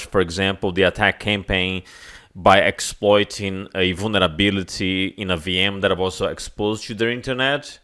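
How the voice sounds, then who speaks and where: A man's voice: deep voice, fairly bright tone. Enthusiastic man giving a conference keynote. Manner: enthusiastic, with some non-native grammar slips. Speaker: keynote speaker.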